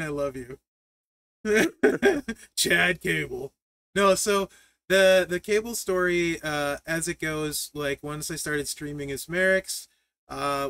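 Animated, higher-voiced male streamer. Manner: animated storyteller, laughs often, reads chat aloud. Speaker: livestream host. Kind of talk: casual livestream chat.

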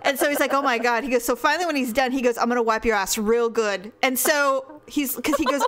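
High, bright-voiced laughing storyteller woman. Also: a little fast. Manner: animated storyteller, laughs often. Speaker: podcast co-host. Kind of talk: casual chat.

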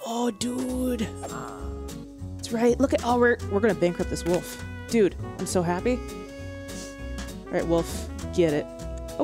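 An excitable woman gamer chats through her playthrough and reads out the story text. Her voice sits mid-range and her talk is slangy and casual. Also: medium pitch, measured pace, pauses often, soft background music. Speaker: gaming video host. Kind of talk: casual game commentary and reading game text aloud.

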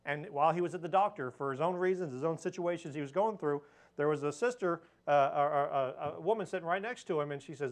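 A man with a fairly high voice teaches a church lesson in a relaxed, conversational way. He tells stories plainly and leans into his points of faith with earnest emphasis. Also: quick pace. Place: church hall with pulpit.

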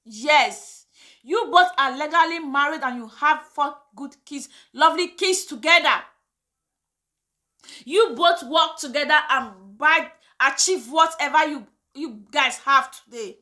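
A woman's voice: high voice, a little slow, bright, forceful tone. A woman with a Nigerian accent hosting her own vlog, giving her opinion in an impassioned, indignant way and slipping between English and Pidgin. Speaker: vlogger host. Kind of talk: casual opinion vlog rant.

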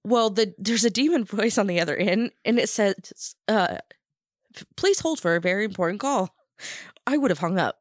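A woman's voice: medium pitch, animated, moderate pace, dry recording, studio quality. A woman co-hosting a podcast in casual chat, retelling a film plot and laughing often. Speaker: podcast co-host.

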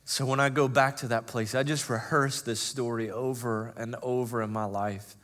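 In this sermon, a man in his thirties serving as pastor relates personal stories in an easygoing, filler-laden style, moving between hushed delivery and loud, emotional emphasis. Medium in pitch with fairly even intonation, he keeps a moderate pace and pauses little.

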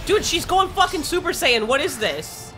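Woman let's-play host, lively swooping pitch, foul-mouthed and easily panicked. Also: moderate pace, soft background music. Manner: excitable, swears a lot, shrieks when panicked. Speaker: gaming streamer.

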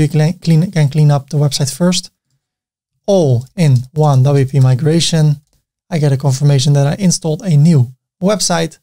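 Dutch-accented man guiding a software tutorial. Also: a little high. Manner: step-by-step, talks while clicking, casual asides. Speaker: tutorial host. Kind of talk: screen-recorded software walkthrough.

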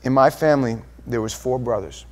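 A male pastor giving an impassioned sermon, swinging from hushed confession to loud emphasis. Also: mid-range voice, fairly quick.

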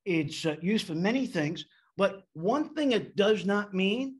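An American men's pastor preaches a sermon with animation, slowing down to give key words extra weight. His voice is high-pitched and slightly rough.

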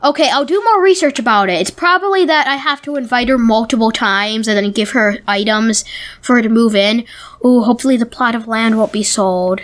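A woman hosting a let's play, giving excitable casual commentary and talking to the game's characters. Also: fairly high pitch, fairly quick. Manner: excitable, talks to game characters. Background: faint game music.

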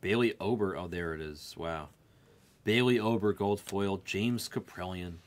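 Low-voiced man calling out trading cards. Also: a little slow. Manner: rattles off player names and card types, chatting to viewers. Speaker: sports card break host. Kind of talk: live card break call-outs.

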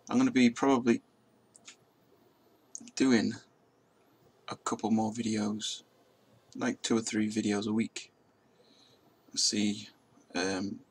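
A man's voice: on the low side, husky. A man chatting casually and mocking himself as he flies a simulator, swearing now and then. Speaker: drone pilot vlogger. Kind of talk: casual commentary while flying a simulator. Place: indoors at a table.

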